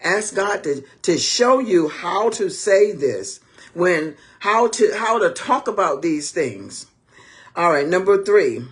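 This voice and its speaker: A woman's voice: lowish voice, animated, takes it slowly. A woman ministering on marriage to camera in a preaching style, emphatic and full of rhetorical questions.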